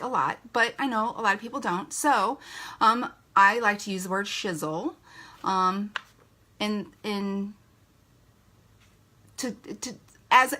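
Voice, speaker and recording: Her voice is medium-pitched, bright and forceful as she leads a live sales team training. The talk is playful and chatty, full of laughter and small acted-out quotes.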